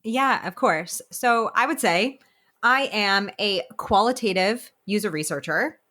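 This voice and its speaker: Podcast guest: American woman, casual and animated, quick to laugh. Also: mid-range voice. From United States. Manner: chatty, laughs often, animated. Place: home office with windows open.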